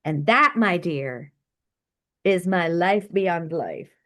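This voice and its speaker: Low-pitched woman, doctor-healer guest, animated storyteller, video call. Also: slow pace. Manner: vivid, animated storytelling with acted quotes.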